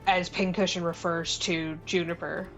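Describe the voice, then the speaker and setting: A woman's voice: lowish voice, flat delivery, moderate pace, muffled recording. A woman game master narrating a tabletop game, hesitant and full of fillers. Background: faint background music.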